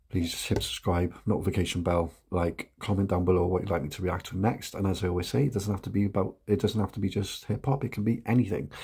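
A man's voice: deep voice, warm tone, breathy edge. A British man hosting a reaction channel, chatting casually with lots of ums and frequent laughter.

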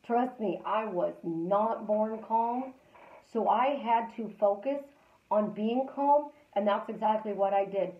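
A woman hosting a live stream as a life coach, talking casually and repeating calm affirmations in a chatty, storytelling way. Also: mid-range voice, slow, roomy sound, narrow, tinny audio.

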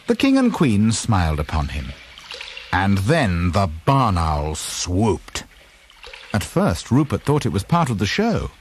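Lively male storybook narrator. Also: medium pitch, a little hiss or hum. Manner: lively, expressive read-aloud delivery. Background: background music.

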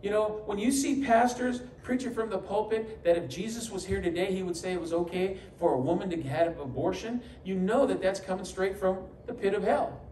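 Man preaching, high voice, humorous storytelling, roomy church echo, mic at a distance. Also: a little fast, few pauses, warm tone, slight background noise. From New York. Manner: storytelling, humorous asides, acts out quoted voices. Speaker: pastor. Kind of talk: sermon. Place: church sanctuary. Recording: echoey church hall, mic from a distance, faint ambience.

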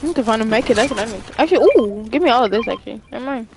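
A woman's voice: fairly high pitch, very fast, creaky, a little hiss or hum. A woman playing an online shooter with friends, chatting casually and calling out plays. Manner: excitable, shouts and laughs during fights. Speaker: gamer in a squad. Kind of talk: casual gaming chat.

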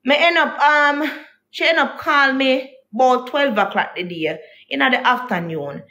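A young woman with a high, sharp-toned voice speaks unhurriedly as a vlogger in an emotional storytime rant. She tells her viewers a heated, indignant story about a partner, repeating herself as she vents.

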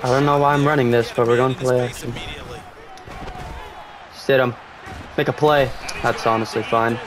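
A young man giving live commentary on his own video game, talking casually, swearing, and yelling at big plays. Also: medium pitch, steady tone, moderate pace, a crowd in the background. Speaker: gaming streamer.

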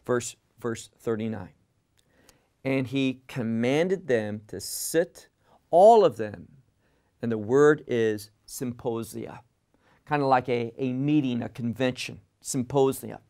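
A man teaching verse by verse through a Bible passage, deliberate and emphatic, often repeating words for stress. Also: mid-range voice, dark tone.

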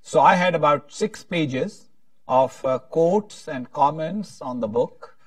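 A man's voice: on the high side, expressive, slow, no room sound, recorded from a distance. A man moderating a panel discussion, talking in a rambling, hesitant way with frequent restarts.

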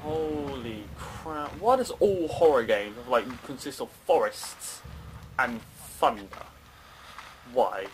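A man's voice: medium pitch, expressive, takes it slowly, a little hiss or hum. A young man commentating a horror game as he plays it, jumpy, swearing and talking to himself and the game. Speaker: gaming channel host.

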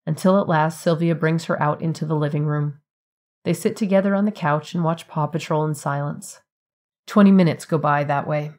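A woman with a low voice reads a short story aloud. Her delivery is even and measured, a scripted narration with clean pacing.

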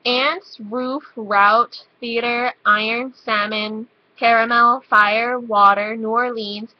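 A teenage girl with a high voice chats casually with a friend, giggly and offhand as she runs through a list of words. Her voice comes through dull, lo-fi webcam audio. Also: steady tone, takes it slowly, no room sound. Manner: giggly, offhand, reads word lists aloud. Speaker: vlogger.

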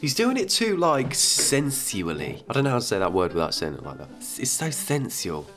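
A man's voice: medium pitch, wildly swooping pitch, quick pace, music in the background. A young man giving comedic reaction commentary, exasperated and sweary, with grossed-out outbursts.

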